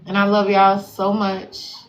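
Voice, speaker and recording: A woman's voice: mid-range voice, completely flat delivery, unhurried. A woman spiritual life coach closing a live stream, slangy, affirming and profane, repeating phrases for emphasis. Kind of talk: live-stream sign-off to followers. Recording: echoey room with faint background noise.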